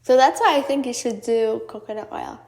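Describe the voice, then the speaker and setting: A woman's voice: a little high, a little fast, gravelly, a little mellow. A young woman hosting a podcast, chatting casually and rambling, with many fillers and restarts, talking straight to her listeners. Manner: talks directly to listeners as guys. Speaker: podcast host. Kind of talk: casual chat.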